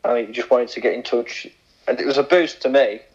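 A man's voice: mid-range voice, brisk. A man co-hosting a podcast in casual, jokey banter. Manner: laid-back, jokey, with restarts. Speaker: podcast co-host. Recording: dull lo-fi podcast sound.

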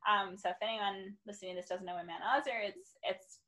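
A woman's voice: mid-range voice, steady tone, fast talker, sharp tone, poor audio. A woman in her thirties, a podcast guest telling her story in candid, chatty talk full of ums and quoted asides. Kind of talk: casual podcast chat.

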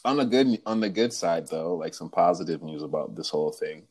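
Very deep-voiced man in casual chat. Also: expressive, a little fast, darkish tone. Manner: slangy, rambling, acts out quotes.

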